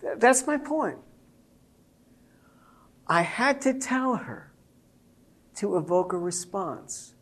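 Guy preaching, tells a story about his kid, gets loud and lively on the punchlines. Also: sits high, slow, long pauses. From Jewish believer speaking to a congregation. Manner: storytelling, animated, rising to emphatic peaks. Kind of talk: sermon with personal story.

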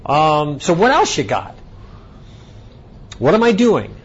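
A man giving a conference lecture, telling an anecdote in an animated storytelling way. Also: on the high side, slow, husky, dull audio. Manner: animated storytelling, acting out both sides of a dialogue. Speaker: speaker at a conference.

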